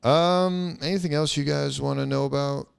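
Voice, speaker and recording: A man's voice: fairly high pitch, steady tone, moderate pace, creaky, clean tone. A young man hosting a casual solo podcast, rambling and swearing with lots of fillers. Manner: rambling, profane, frequent fillers. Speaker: podcast host.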